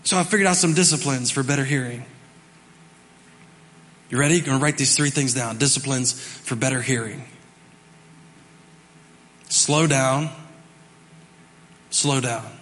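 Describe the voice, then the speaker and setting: A male pastor giving a conversational sermon, shifting between loud emphasis and soft, quiet passages. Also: mid-range voice, measured pace, pauses often, long reverb tail, slight background noise. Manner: conversational preaching with dramatic swings from loud to soft. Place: church sanctuary.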